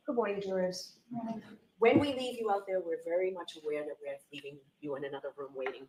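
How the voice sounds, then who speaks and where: A woman's voice: on the low side, dark tone, slight background noise, rough recording. A woman judge giving formal, methodical instructions to a jury in a courtroom. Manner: measured, methodical.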